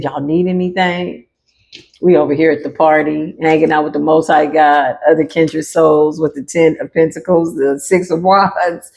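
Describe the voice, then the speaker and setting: A woman's voice: sits low, vocal fry, a little mellow. A woman giving a casual, playful tarot reading straight to her viewers, laughing often and talking in slang. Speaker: tarot reader.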